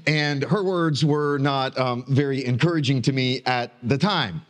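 A man in his thirties giving a sermon as pastor from a church stage, preaching dramatically with drawn-out pauses and falling emphasis. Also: medium pitch.

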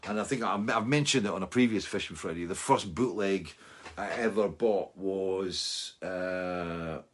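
A Scottish musician in his sixties hosts a fan Q&A show in a deep, unhurried voice. He chats loosely and rambles, full of fillers and asides.

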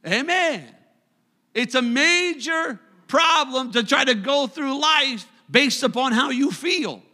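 A middle-aged male pastor delivers a sermon in a church sanctuary. His voice is high and bright. He swings from loud declarations to hushed asides, and the sound carries a long hall reverb. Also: animated, slow pace.

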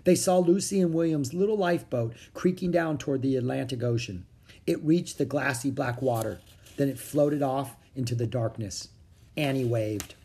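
A reader narrating a children's book in a steady storytelling manner. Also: medium pitch, normal speed, husky. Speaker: audiobook reader.

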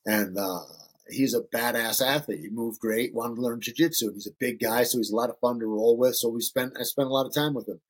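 Husky man telling loose, profane stories. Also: medium pitch, fairly quick. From Northern Michigan. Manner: loose and profane, acts out quoted voices. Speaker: podcast guest. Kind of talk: casual storytelling.

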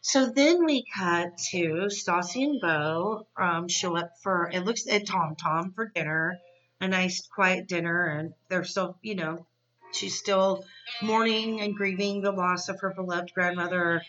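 A woman's voice: fairly low pitch, a little slow, fairly bright tone, distant mic, lo-fi sound, faint music behind. A woman podcast host giving a casual, chatty, opinionated episode recap. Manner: chatty and opinionated, many fillers.

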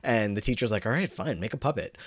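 A man's voice: on the low side, expressive, quick pace, no echo, clean studio sound. A man co-hosting a podcast, recapping a TV episode in a rambling, filler-heavy way. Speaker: podcast co-host.

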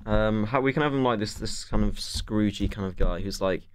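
A man brainstorming a silly script with friends in a deadpan way, steering from scene to scene. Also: lowish voice, moderate pace, slight background noise. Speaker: co-writer. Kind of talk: casual comedy brainstorming.

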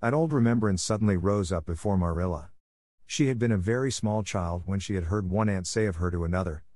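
A man narrating a classic novel as an audiobook, in a steady, even reading. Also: deep voice, a little fast, no echo, clean studio sound. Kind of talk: scripted narration.

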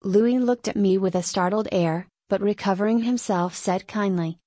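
A woman narrating a dark literary tale in the first person, giving a dramatic reading. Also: medium pitch, normal speed, hardly any pauses, no echo. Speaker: audiobook narrator.

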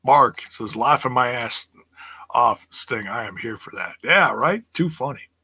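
A wrestling review host recaps a show in a casual, rambling way, laughing and reading viewer comments aloud. His medium-pitched voice is bright, forward and slightly rough with lively intonation, and he speaks slowly with plenty of restarts. The recording is dry and close.

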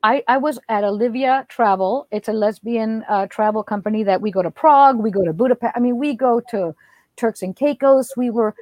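A woman comedian telling stories as a guest in an animated, chatty way, laughing as she talks. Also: a little high, fairly quick, no room sound. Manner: expressive, chatty, laughs while talking. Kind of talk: animated storytelling.

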